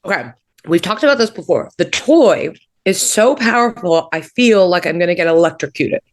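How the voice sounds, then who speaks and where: A woman's voice: fairly low pitch, lively intonation, normal speed. A woman comedian from Canada in casual comedic chat, candid and laughing, with lots of fillers. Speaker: comedian guest.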